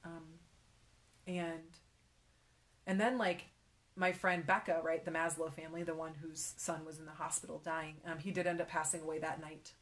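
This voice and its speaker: A young woman sharing a personal faith story in conversation, halting and emotional, often with fillers, sometimes dropping to a whisper. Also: low-pitched, little pitch movement, fairly bright tone.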